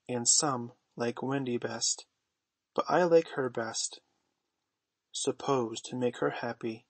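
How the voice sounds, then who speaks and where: Brief: male storybook narrator, mid-pitched, gentle measured delivery, dry close-mic recording. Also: no room sound. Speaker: audiobook narrator. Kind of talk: storybook reading.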